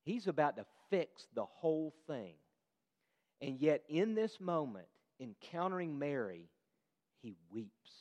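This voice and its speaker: Guy preaching, bit high voice, earnest, asks the crowd stuff, long echo off the hall. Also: big pitch swings, a little slow, a little mellow, muffled recording. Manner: earnest, searching questions to the listeners. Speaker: pastor. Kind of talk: sermon.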